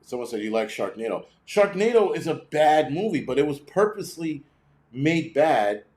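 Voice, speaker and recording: A man hosting a prepping channel, chatting casually on a livestream and reacting to viewer comments, blunt and profane, rambling with many restarts and swinging between high and low pitch. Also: normal speed. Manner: animated, jumping between high and low pitch when ranting.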